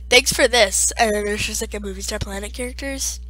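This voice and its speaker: A woman YouTuber in a casual vlog, excitable and gushing, swearing freely. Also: a little high, fairly quick, hardly any pauses, no echo. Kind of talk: casual subscriber-special vlog.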